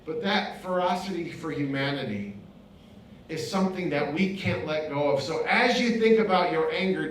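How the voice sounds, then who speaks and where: A man's voice: high voice, a little hiss or hum. Impassioned man speaking in an echoey hall. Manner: impassioned, rhythmic repetition. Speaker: pastor and author giving a talk. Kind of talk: inspirational speech. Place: event venue. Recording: very echoey hall, mic far off.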